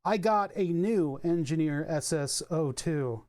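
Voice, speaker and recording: A man's voice: fairly high pitch, measured pace, darkish tone. A young man thinking aloud and swearing casually while he streams a car electronics repair. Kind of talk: casual live-stream commentary.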